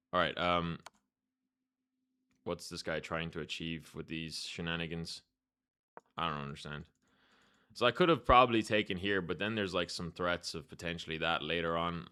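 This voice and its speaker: A young man streaming chess, chatting casually with viewers and thinking out loud in a laid-back way, with keyboard clicks behind. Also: deep voice, smooth. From Ireland. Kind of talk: casual live-stream chat while playing chess.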